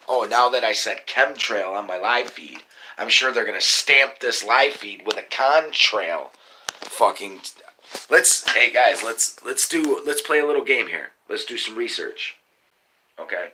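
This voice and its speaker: A man, hosting a live stream and ranting excitably about conspiracies, cursing often and calling to viewers as y'all. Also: medium pitch, unhurried. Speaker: livestream host. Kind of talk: casual live-stream rant. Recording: noisy live-stream audio.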